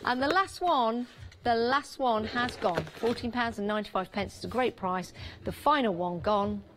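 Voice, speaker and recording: A woman's voice: on the high side, normal speed, fairly bright tone, a little hiss or hum. A woman with an English Midlands or Northern accent presenting on a live shopping channel in a TV studio, chatty and upbeat, repeating prices and counts for emphasis. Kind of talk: live TV product selling.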